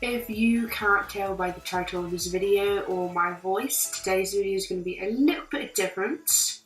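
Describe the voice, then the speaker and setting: A woman's voice: mid-range voice, moderate pace. Woman, put-on British accent, makeup tutorial, chatty step-by-step, roomy sound from a distant mic, faint music behind. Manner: chatty, walks through each step. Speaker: beauty vlogger.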